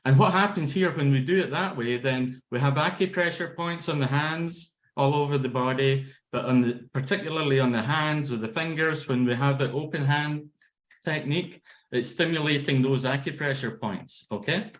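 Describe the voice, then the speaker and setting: Man, laughter yoga instructor, energetic, chanting and laughing, keeps saying okay, video call, echoey room sound. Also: fairly high pitch, normal speed. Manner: keeps checking in with "okay?" and "yeah?". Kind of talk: instructional talk with demonstrations. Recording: roomy echo on a video call.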